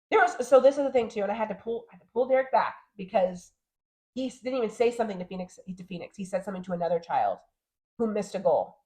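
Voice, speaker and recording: A woman in her thirties co-hosting a podcast, chatting casually and animatedly, often acting out what others said. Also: mid-range voice. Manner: animated, talks fast and acts out quotes. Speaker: podcast co-host. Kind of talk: casual chat.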